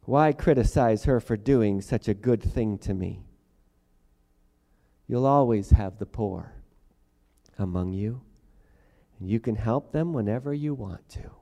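A man preaching a sermon, reading scripture and then preaching dramatically, swinging from quiet passages to loud, forceful ones. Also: on the low side, a little slow, long pauses, long reverb tail. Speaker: pastor.

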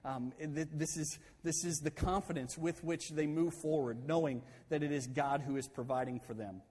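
A male pastor delivers a sermon in a church hall, retelling a story with an animated, conversational flair and frequent restarts. His voice sits a touch higher than most men's, and a long reverb trails each phrase. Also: normal speed, breathy edge.

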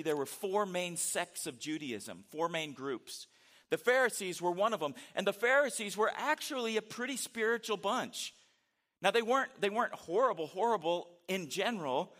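A man's voice: fairly high pitch, a bit bright. Conversational man preaching a sermon. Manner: conversational, rhetorical questions, dramatic read-aloud inflection. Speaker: pastor.

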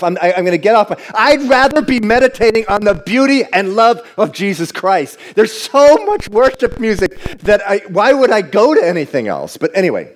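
A man preaching a sermon to a congregation, moving from hushed, slow passages to loud, excited bursts. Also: high voice. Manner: animated preaching, jumps between hushed and loud. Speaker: pastor.

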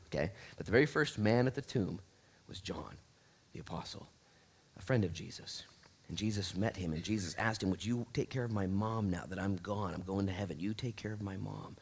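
A man pastor giving a casual, animated sermon in church, laughing and acting out little asides. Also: lowish voice, a little fast, creaky, breathy edge.

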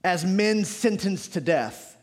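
A male pastor preaches to his congregation in a church. His voice sits high and swings widely in pitch, jumping to shouts and sinking to hushed asides. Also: takes it slowly. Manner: animated preaching with sudden shouts and drops to low asides. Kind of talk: sermon. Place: church sanctuary.

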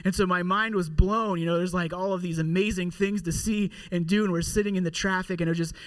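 In a motivational talk about gratitude, a father in his thirties shares a casual personal story. His voice is high-pitched and steady, a little fast, and he peppers his speech with "like," dropping quieter for wry asides.

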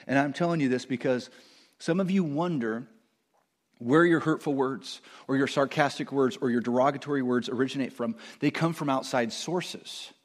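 A middle-aged man preaching a sermon as pastor, animated, growing loud on quoted lines and stumbling into quick restarts. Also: medium pitch.

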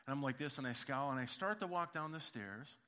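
A male pastor delivers a sermon in church, his voice bright and forward at an ordinary pitch. He talks in a loose, humorous, conversational way and speaks straight to his congregation. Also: a little fast. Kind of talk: sermon with storytelling.

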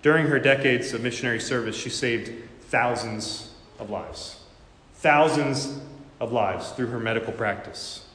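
A man preaching a sermon, moving between hushed, measured lines and loud, forceful rises. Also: medium pitch, fairly even intonation. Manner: preaching with rising intensity, swinging from hushed to loud. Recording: echoey hall with long reverb.

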